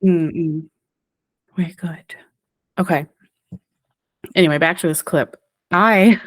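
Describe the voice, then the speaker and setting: A woman's voice: on the low side, dry recording, studio quality. A woman co-hosting a podcast, chatting casually and analyzing with enthusiasm. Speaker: podcast co-host.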